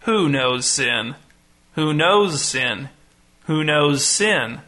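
A man doing a slow, sonorous chanting pastor. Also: pushed and bright, full character voice. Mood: solemn chant. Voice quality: deep, sonorous. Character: odd, solemn small-church pastor.

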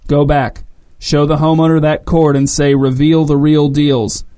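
A man's voice: on the high side, little pitch movement, normal speed, mellow, natural voice. A man voicing a wounded, dying man who is rude and impatient, speaking in a curt, snapping way.

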